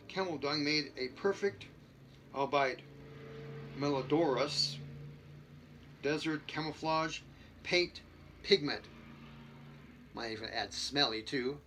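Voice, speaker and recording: A man's voice: on the high side, takes it slowly, pauses often, sharp tone, a little hiss or hum. A man reading a book aloud, stumbling and restarting and dropping jokey asides between passages. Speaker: reader.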